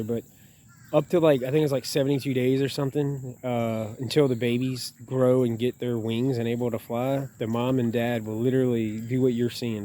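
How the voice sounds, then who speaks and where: Mellow-voiced man narrating wildlife outdoors. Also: medium pitch. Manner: chatty, loose, talks to the birds. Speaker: wildlife vlogger. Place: outdoors by a pond.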